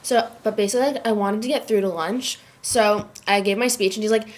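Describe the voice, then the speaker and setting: A woman's voice: mid-range voice, steady tone, fairly quick, few pauses. Sick teenage girl rambling with "like". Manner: chatty, fills every phrase with "like". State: sick and worn out. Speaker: vlogger. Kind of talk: casual chat to camera. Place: dorm room at a summer camp.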